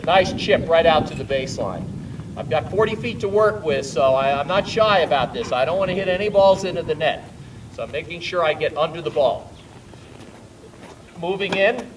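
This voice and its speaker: A man's voice: on the high side, a little hiss or hum. Man coaching tennis from a distance. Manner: explaining while hitting balls, bursts of louder coaching. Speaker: tennis instructor. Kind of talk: on-court instructional demonstration. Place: outdoor tennis court.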